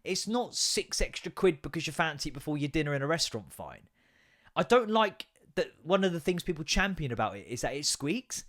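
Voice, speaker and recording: A man's voice: a little high, big pitch swings, brisk, a bit bright. An English man hosting a podcast, ranting casually, swearing a lot and laughing often. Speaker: podcast host. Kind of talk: casual comedic rant.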